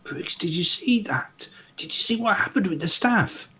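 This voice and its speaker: A man doing an eager, high-pitched sidekick. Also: big pitch swings, fairly quick, fairly bright tone, breathy edge, exaggerated voice. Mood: excited whisper. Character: eager, mischievous male companion.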